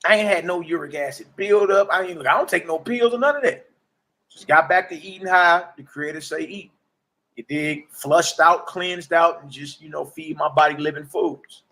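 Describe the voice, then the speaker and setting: A man in his forties giving a casual, preachy testimony as a livestream host, slangy and animated, often asking "you dig?". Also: a little high, moderate pace. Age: 40s.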